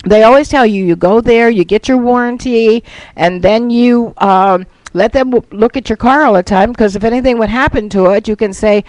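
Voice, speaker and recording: A woman's voice: fairly high pitch, moderate pace, a little mellow, no echo, poor audio. A woman guest on a radio talk show, telling a long rambling story in casual chat.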